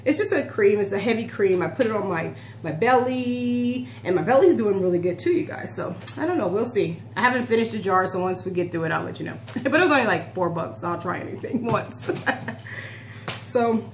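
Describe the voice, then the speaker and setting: A woman in her forties vlogs in a chatty, heartfelt way, close to tears and often starting sentences over. Her voice sits at a middle pitch. The room around her is echoey, with a faint hum underneath. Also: animated, fairly quick, hardly any pauses. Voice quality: emotional and chatty, with restarts. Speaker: vlogger. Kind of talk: casual talk to camera.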